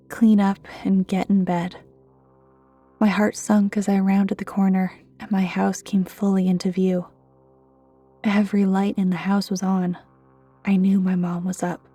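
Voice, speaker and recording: A woman narrating a creepypasta in a hushed voice that often drops to a whisper. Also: medium pitch. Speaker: horror story narrator.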